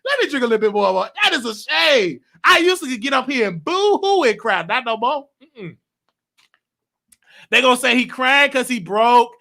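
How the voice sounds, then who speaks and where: A young man in his late twenties hosts a casual gossip show with a high, sharp, bright voice. He rambles and gets openly emotional, going on and on in an unpolished, heartfelt way. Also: sing-song, moderate pace, creaky. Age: late 20s. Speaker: show host.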